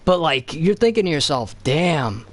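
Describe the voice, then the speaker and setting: A man's voice: medium pitch, lively intonation, moderate pace. A man streaming a video game, rambling in casual chat with heavy swearing and lots of fillers.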